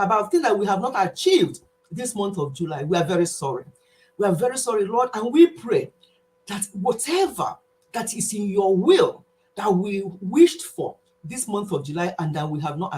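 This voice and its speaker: A woman hosting a live stream, greeting viewers with excitement and leading an earnest prayer. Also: medium pitch.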